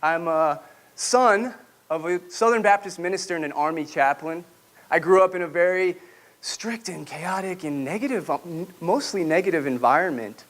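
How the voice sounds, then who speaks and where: High-voiced man telling his story at a podium. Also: moderate pace, a bit bright. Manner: reflective storytelling, asks the audience questions. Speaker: public speaker. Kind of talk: personal testimony talk to a live audience. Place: room with an audience, speaking at a podium.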